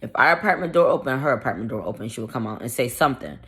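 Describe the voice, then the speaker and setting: With a bass voice and a racing delivery, this woman vlogger recounts a story bluntly, irritably, and with swearing. She stays animated and performs the quoted lines.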